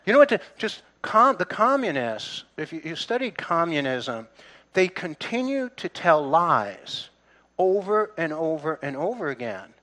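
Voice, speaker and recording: A man's voice: fairly high pitch, big pitch swings, measured pace, sharp tone. A middle-aged man preaching a sermon in a church, conversational, with restarts and asides to the congregation. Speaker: pastor.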